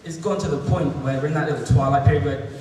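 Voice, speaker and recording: A man's voice: medium pitch, quick pace, a little mellow. Young man, stand-up comic, self-deprecating, rambling, echoey far-off hall sound, background noise. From London. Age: young adult. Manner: self-deprecating, rambling, lots of ums and restarts. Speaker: student stand-up comedian. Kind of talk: stand-up comedy set. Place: live comedy venue with audience.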